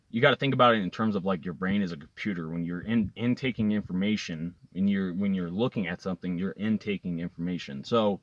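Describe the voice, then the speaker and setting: A man's voice: low voice, dry recording, muffled recording. A man vlogging to his viewers, telling a long personal story in an earnest, rambling way with lots of fillers and repeated words. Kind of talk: casual storytelling to camera.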